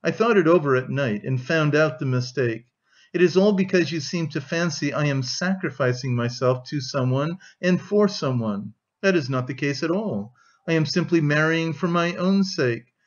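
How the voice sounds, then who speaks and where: A man's voice: a little high, lightly acted. Guy doing a proud young woman, firm and dry, voice raised a bit, lo-fi audiobook.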